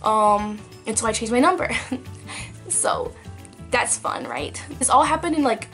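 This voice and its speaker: A woman's voice: fairly high pitch, expressive, measured pace, fairly bright tone, faint music behind. A young woman telling a story to her vlog camera in a chatty, filler-heavy way. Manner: chatty, lots of likes and ums. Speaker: vlogger. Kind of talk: casual story time.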